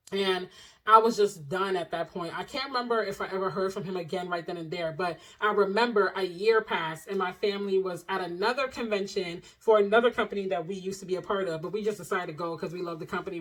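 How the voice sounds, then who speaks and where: Animated young woman telling a storytime. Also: medium pitch, fairly quick, poor audio. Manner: animated, expressive storytelling with slang and asides to viewers. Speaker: vlogger telling a personal story. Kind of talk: casual storytime vlog.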